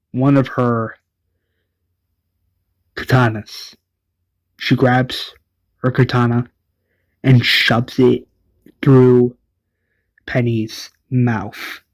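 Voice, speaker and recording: A man recaps an episode in a loose, rambling way, often correcting himself. His pitch is average and he talks slowly. The sound is close and dry. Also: no echo, poor audio. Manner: rambling, uses "like" and self-corrections. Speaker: show recap narrator. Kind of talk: casual retelling of an episode.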